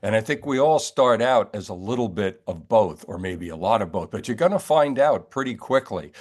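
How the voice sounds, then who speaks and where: Older male author guest, low voice, wry and meandering, chatty interview delivery. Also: expressive, normal speed. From New York area, US. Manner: wry, rambling storyteller. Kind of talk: relaxed interview chat.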